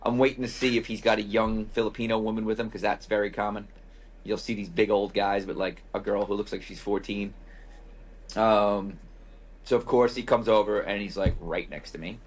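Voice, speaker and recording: This podcast host's husky voice is lowish, steady in tone and at normal speed. He casually tells a profane travel anecdote, wry and loose, with plenty of quoted asides.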